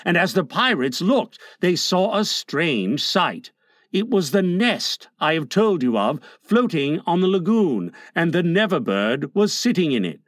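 A man narrating a storybook in an expressive, dramatic reading. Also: a little high, a little slow, dry recording, studio quality. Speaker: audiobook narrator.

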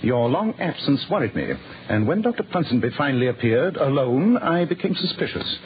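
A man playing a brisk, commanding Sherlock Holmes. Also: medium pitch, very animated, slight background noise, lightly acted. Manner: crisp, authoritative. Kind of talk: 1940s radio drama acting. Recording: dull old radio broadcast.

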